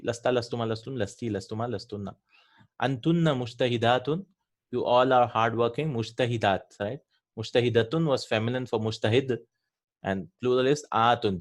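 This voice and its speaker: A man at a middle pitch walks students through grammar, pausing with "right?" and "hmm?" after each point. He is patient and methodical, repeating forms slowly so they sink in. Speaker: Arabic grammar teacher.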